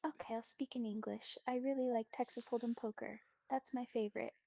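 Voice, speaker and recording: A woman giving calm, polite, reassuring replies in an even chatbot voice. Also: fairly high pitch, a little fast, creaky, dry recording.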